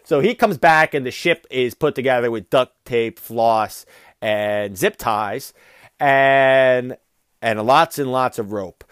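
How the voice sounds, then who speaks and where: A man's voice: medium pitch, slow, clean tone, no echo, studio quality. A man hosting a podcast, ranting through a casual comedic review with a profane, rambling delivery. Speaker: podcast host.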